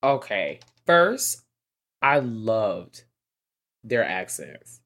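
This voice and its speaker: Excitable, profane podcast co-host. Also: mid-range voice, extremely slow. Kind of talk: casual movie review chat.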